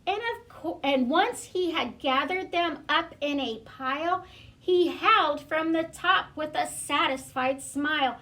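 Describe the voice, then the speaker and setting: School librarian lady reading a picture book to kids, high voice, gentle, lots of ums. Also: slow. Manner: gentle, hesitant with frequent fillers.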